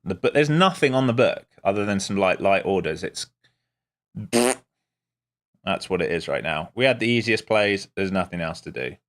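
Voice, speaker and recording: A man's voice: sits low, expressive, normal speed, pauses often. A man streaming live as a day trader, giving casual, wry commentary with muttered asides to his viewers.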